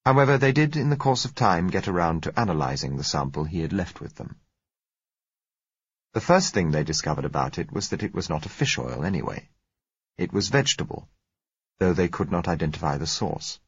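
Deep, husky male audiobook narrator. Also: no room sound, lo-fi sound. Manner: steady, measured storytelling. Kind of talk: scripted narration.

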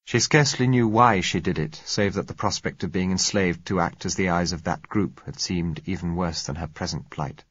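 Male audiobook narrator, deep voice, husky, measured, slightly muffled sound. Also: fairly bright tone, no echo. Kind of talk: scripted first-person narration.

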